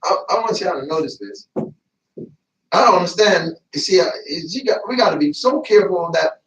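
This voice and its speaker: A man preaching a sermon in a church, lively and colloquial, laughing and breaking into asides. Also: high voice, normal speed, a little hiss or hum. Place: church sanctuary. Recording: echoey church, mic at a distance.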